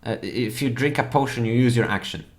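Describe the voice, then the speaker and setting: A man narrating as dungeon master for a tabletop game, halting and full of fillers. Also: mid-range voice.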